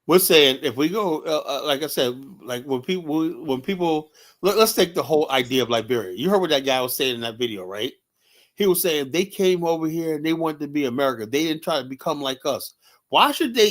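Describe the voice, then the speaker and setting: New york guy hosting a debate, fairly high voice, keeps going "you know". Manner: emphatic, rhetorical questions, frequent "you know". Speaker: host. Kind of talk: heated panel discussion.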